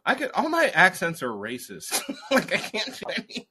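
Giggly, bright-voiced podcast host. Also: male voice, sits high, wildly swooping pitch, normal speed, husky. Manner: giggly, rambling, self-mocking. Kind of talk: casual comedy chat.

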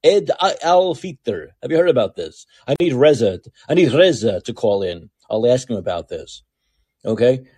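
A man's voice: mid-range voice, moderate pace, breathy edge. A man hosting a political podcast, delivering a sarcastic, mocking commentary monologue. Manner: sarcastic, mocking, animated rants. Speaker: podcast host.

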